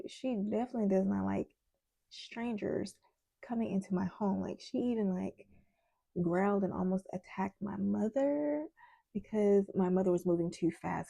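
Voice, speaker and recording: Gravelly, mellow-voiced woman storyteller. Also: mid-range voice, no echo. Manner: chatty, animated retelling with many asides. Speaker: tarot reader. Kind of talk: casual storytelling vlog.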